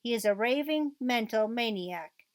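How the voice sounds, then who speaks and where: A woman with an expressive, higher-pitched voice reads a little slowly from a transcript, voicing a ranting, bitter divorced mother. Even so, her reading stays mostly plain with little acting, and the audio has no room sound.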